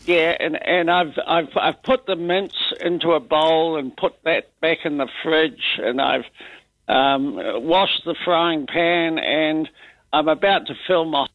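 A man's voice: a little high, fairly even intonation, takes it slowly, no room sound. An older man with a New Zealand accent calling a talkback show, rambling and hesitant as he grumbles. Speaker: caller. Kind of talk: casual talkback chat. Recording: muffled phone-in line.

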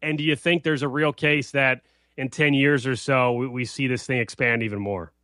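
A man hosting a sports show, asking brisk, easygoing questions. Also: mid-range voice, steady tone, bright, forceful tone, no room sound. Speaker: host. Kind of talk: casual sports talk.

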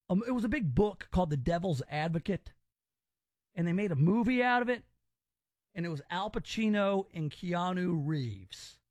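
A man from Memphis, Tennessee, in the US hosts a casual talk radio show, reacting to stories in an opinionated, rambling way. His voice sits high, and the studio sound is clean with no echo.

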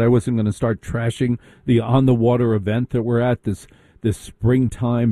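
A man with a deep, very mellow voice tells a comic story, tossing in sarcastic, mocking asides. His delivery is animated, and the recording is dry and close with no echo.

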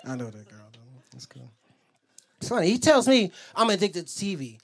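A man's voice: high voice, sing-song, moderate pace, slight background noise. A male stand-up comedian doing crude, teasing crowd work and laughing at his own jokes. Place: comedy club stage.

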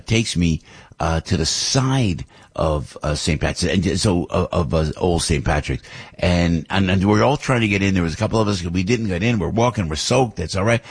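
A man's voice: sits low, slightly rough. A man hosting a talk show, rambling in a chatty, casual way with lots of fillers and asides. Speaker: radio talk host. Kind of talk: casual monologue.

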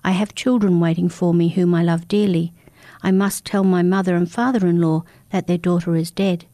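A woman's voice: fairly low pitch, fairly even intonation, moderate pace, mellow, no room sound, clean studio sound, natural voice. A woman voicing a distraught young man in a storybook reading, asking urgent, pleading questions.

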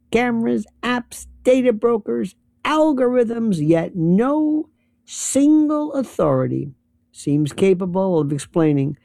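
A man with a gravelly, mellow voice rants sarcastically, his pitch leaping up and down as he mocks the people he quotes. The sound is close and dry, with no room behind it. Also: no echo. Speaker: commentator. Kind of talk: monologue.

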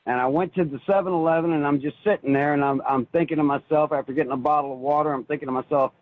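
A man calling in to a radio show, telling a personal religious story in an earnest, halting way with frequent restarts. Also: fairly high pitch, steady tone, no room sound. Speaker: caller. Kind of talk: phoned-in personal testimony. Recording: tinny phone line.

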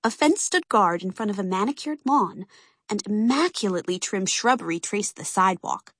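Reading a children's story as narrator, a woman's voice rises and falls with energy, sitting mid-range with a slight huskiness. She keeps a normal speed, and the close, dry recording carries no echo or room sound.

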